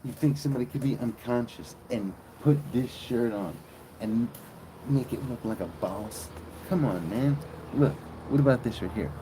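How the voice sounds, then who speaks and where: A man's voice: mid-range voice, moderate pace, noisy background. Rambling, joking man. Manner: joking, rambling, swears freely. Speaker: live streamer. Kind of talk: casual rambling stream chat.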